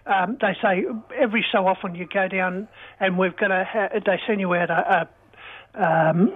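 An older man calling in to a talkback radio show, rambling and halting as he loses his thread. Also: sits high, steady tone, husky. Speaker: talkback caller. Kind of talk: casual phone-in chat. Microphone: telephone line. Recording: tinny phone line.

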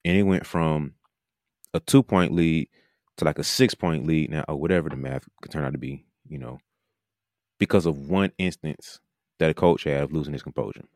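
A man's voice: rumbling low, normal speed, creaky, a little mellow, no echo, clean studio sound. A man, a podcast host and coach, talking casually and animatedly, now and then mimicking coaches mid-sentence. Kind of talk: casual monologue.

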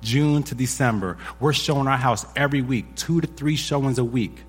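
A man in his forties, a pastor, telling a personal story from the pulpit in a husky voice, animated when he acts out what others said. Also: medium pitch, normal speed, faint music behind. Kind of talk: sermon testimony. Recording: echoey hall with long reverb.

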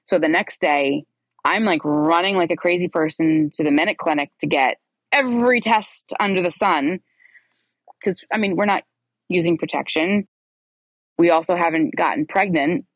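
A woman in her forties tells her own story as a podcast guest, speaking in a lowish register. She is animated and acts out the lines she quotes. The sound is dry, with no room echo. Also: normal speed. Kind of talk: candid personal storytelling.

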